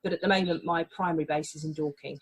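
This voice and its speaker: A woman's voice: sits low, steady tone, fast, slightly rough, poor audio. A woman from England, a family mediator, explaining her work in a podcast interview in a reassuring way.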